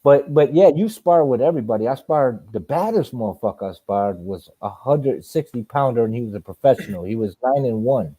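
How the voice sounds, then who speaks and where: A man hosting a live boxing chat, telling animated, profane stories and acting out punches with sound effects. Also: medium pitch, fairly quick, hardly any pauses, dry recording. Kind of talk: casual storytelling chat.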